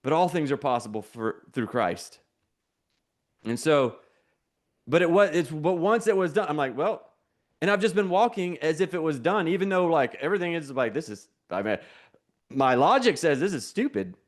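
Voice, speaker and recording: A fairly high-pitched man preaching with energy and a conversational edge. He repeats his key phrases and has the listeners say them back to him. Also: animated, normal speed. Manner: call-and-response, repetitive. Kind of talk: sermon.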